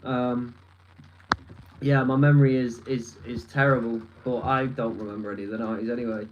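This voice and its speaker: A man in his twenties with a Lancashire accent from northern England talks at his desk in his room, rambling and swearing while he responds to a live stream chat. His voice is medium in pitch and level in tone, and he speaks fairly quickly. The audio is dull, with a slight hiss or hum.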